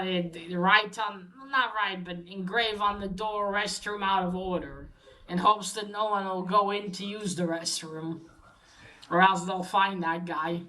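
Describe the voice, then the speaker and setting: A woman's voice: medium pitch, bright, forceful tone, low-quality recording. A woman casually retelling a story in a rambling, hesitant way, with many fillers and self-corrections. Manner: chuckles while retelling. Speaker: host recapping a story.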